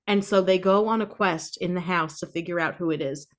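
A woman co-hosting a podcast, improvising a spooky story with playful, deadpan narration and quick mock voices for her characters. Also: mid-range voice. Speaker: podcast co-host.

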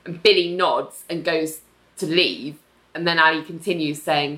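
A woman's voice: low voice, normal speed. A woman co-hosting a chat show, animatedly retelling TV scenes and acting out the characters' lines. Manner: animated, acts out quoted lines, laughs often. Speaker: podcast co-host recapping a TV episode.

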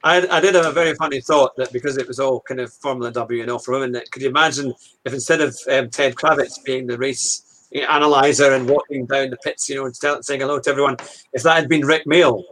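A man's voice: medium pitch, steady tone, fast, fairly bright tone, poor audio. A man co-hosting a motorsport show, chatting easygoingly with hesitant restarts. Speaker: co-host. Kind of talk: casual banter.

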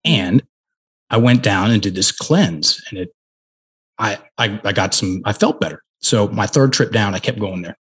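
A man's voice: fairly low pitch, lively intonation, moderate pace, fairly bright tone, slightly rough. A middle-aged man, a guest in an interview, telling a personal story earnestly with frequent restarts.

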